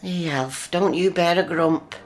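A woman's voice: fairly low pitch, a little slow, over music, lightly acted. An actress playing a prim, fussing working-class mother, scolding and motherly. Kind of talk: broadcast drama acting.

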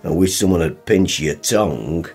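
Grumpy northern dad, real deep voice, blunt and sarky. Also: male voice, expressive, moderate pace, music in the background. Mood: gruff. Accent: northern English. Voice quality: blunt, grumbling, dry teasing. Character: gruff sarcastic northern working-class dad. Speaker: father.

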